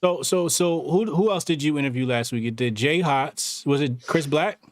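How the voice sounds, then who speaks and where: A man's voice: on the high side, no echo. Slangy man, dry close sound. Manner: quick reactions, slang. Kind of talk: casual podcast chat.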